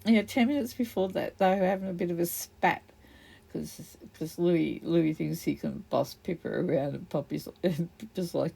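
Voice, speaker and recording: A woman's voice: fairly low pitch, normal speed, creaky, mellow, slightly rough. A middle-aged woman chatting casually while crafting, rambling and laughing often. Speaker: craft video host.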